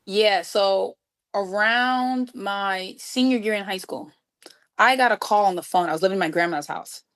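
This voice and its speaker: A woman from New York City, a guest musician, telling a story with lively acted-out dialogue. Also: medium pitch, moderate pace. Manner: acts out quoted dialogue with lively voices. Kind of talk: animated storytelling.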